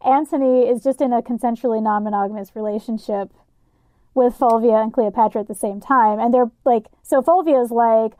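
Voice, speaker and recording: A woman's voice: a little high, moderate pace, warm tone, no echo. Candid, profane woman podcast host. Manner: candid, profane, thinks aloud with many "like"s. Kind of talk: casual podcast chat.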